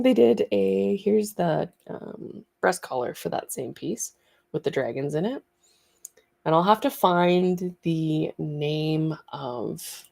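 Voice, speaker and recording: A woman's voice: on the low side, vocal fry, a little mellow. A woman hosting a casual studio livestream, chatty and rambling, laughing easily.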